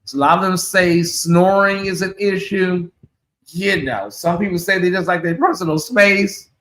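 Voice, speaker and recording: Sassy male host chatting on a livestream with a high, crisp, bright voice. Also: steady tone, moderate pace. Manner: sassy, chatty, calls listeners honey and y'all. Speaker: channel host. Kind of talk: casual livestream chat.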